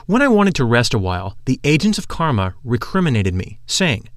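A man reads a mystical text in slow, reverent, solemn narration. His voice sits at an ordinary middle pitch. Faint music plays underneath. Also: sing-song, no room sound.

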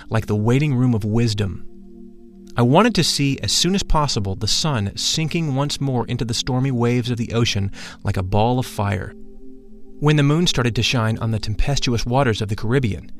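Man solemnly reading a spiritual memoir. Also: mid-range voice. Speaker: narrator.

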